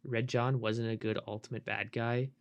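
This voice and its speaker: A man's voice: mid-range voice, flat delivery, normal speed, creaky. A young man streaming a game, chatting loosely with his viewers and swearing casually. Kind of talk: casual live-stream chat while gaming.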